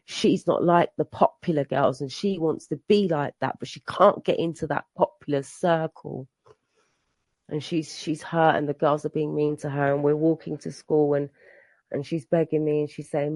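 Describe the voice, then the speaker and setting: A woman's voice: sits low, fairly even intonation, moderate pace, a little mellow, dry recording. Emotional woman sharing her recovery story. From England. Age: adult. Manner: emotional, repetitive storytelling with many restarts. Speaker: recovery meeting speaker. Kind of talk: personal recovery share. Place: meeting room.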